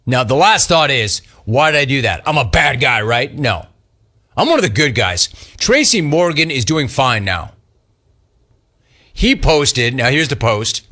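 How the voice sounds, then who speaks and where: A man's voice: medium pitch, animated, measured pace, long pauses, bright, forceful tone. A man hosting a sports radio show, joking his way through commentary on a photo and laughing often.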